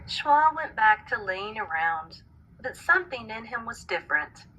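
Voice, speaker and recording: A woman teacher reading a storybook aloud to a class, with expressive, clear storytelling. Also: on the high side, unhurried, slight background noise, poor audio.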